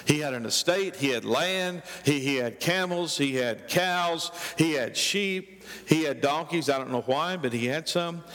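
A man's voice: fairly high pitch, measured pace, a bit bright, in a large hall. A man pastor preaching a sermon in a conversational way, with rhetorical questions and dry asides.

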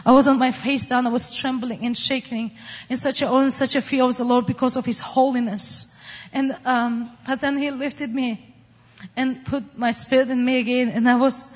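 A woman from the Middle East tells her personal testimony in a slightly high voice. She is earnest and halting, with many fillers. The recording is dull and carries a long reverb, as in a large hall. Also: steady tone. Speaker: testimony speaker.

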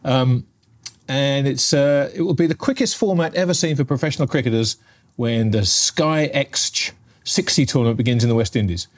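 A man's voice: medium pitch, normal speed. A man hosting a podcast, making jokey, breezy sports banter. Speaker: podcast host. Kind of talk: casual sports chat.

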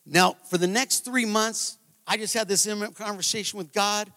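A man giving a sermon testimony, telling a story that builds to loud, emphatic moments, recorded live in a large church. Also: high-pitched, fairly even intonation, normal speed, hardly any pauses. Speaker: guest preacher. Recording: live church hall reverb.

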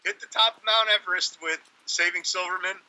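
A man's voice: sits high, steady tone, a little fast, pushed and bright, poor audio. A man co-hosting a casual podcast chat, throwing in dry wisecracks. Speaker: podcast co-host.

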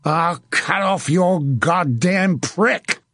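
A man voicing a blood-crazed medieval archer who shouts and jeers in a frenzy. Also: high voice, extremely slow, no echo, clean studio sound, voice pushed up, full character voice. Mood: frenzied.

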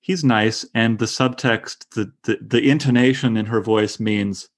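A man's voice: on the low side, fairly even intonation, moderate pace. A man in his thirties leading a casual literary discussion, enthusiastic and stumbling over restarts. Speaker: discussion leader.

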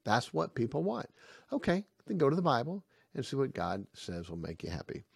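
A man giving a spoken Bible lesson to parents. He is animated and acts out the dialogue in his stories. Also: mid-range voice, a little fast, gravelly, slightly rough, no room sound. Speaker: family Bible teacher.

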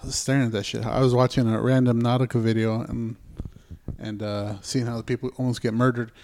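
A young man telling a story on a casual podcast, swearing freely and slipping into quoted voices. His pitch sits in the middle of the usual male range. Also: level tone, fairly quick, a little mellow, slight background noise. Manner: profane storyteller, acts out his own quotes. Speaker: podcast co-host. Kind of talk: casual chat.

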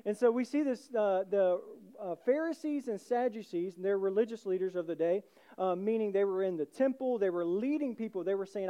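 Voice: mid-range voice, expressive, brisk, warm tone. A pastor giving a sermon in a conversational way, asking rhetorical questions and often adding "right?".

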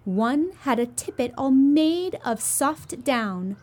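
A woman's voice: high-pitched, lively intonation, slow pace, a little mellow. A woman reading a picture book aloud to young children as a storyteller, in a sweet, sing-song manner.

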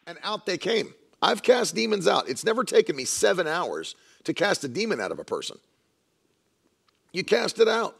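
A man's voice: high-pitched, big pitch swings, moderate pace, vocal fry, fairly bright tone, husky. A man preaching a sermon in an emphatic way, repeating lines for stress and mocking the views he argues against.

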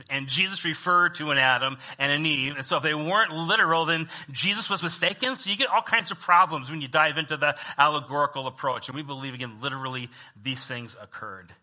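Male preacher, very bright and sharp tone, conversational sermon delivery that drops low then surges loud. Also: fairly quick, hardly any pauses. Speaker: pastor.

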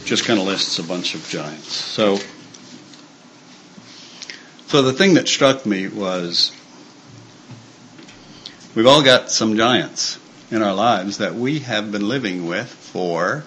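Man, low voice, loose conversational preaching with fillers and restarts, light noise behind. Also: animated, slow pace, long pauses, a bit bright, low-quality recording. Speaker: church speaker. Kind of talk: informal sermon talk.

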